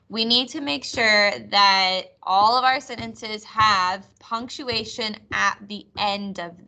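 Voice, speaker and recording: Bright-voiced woman teaching an online class. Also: mid-range voice. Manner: clear, explanatory classroom delivery with expressive read-aloud examples. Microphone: computer mic on a video call.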